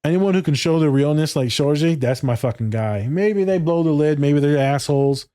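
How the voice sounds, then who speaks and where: A man's voice: a little high, lively intonation, brisk, dark tone, clean tone, dry recording, studio quality. Candid, swearing man. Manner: loose and candid, swears freely, acts out quoted dialogue. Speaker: podcast co-host. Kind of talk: casual podcast chat.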